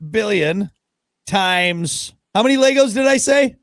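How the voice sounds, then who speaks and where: A man's voice: high-pitched, lively intonation, a little slow, a bit bright, no echo, studio quality. A middle-aged man co-hosting a podcast in casual chat, rambling and trailing off, often laughing. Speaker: podcast co-host.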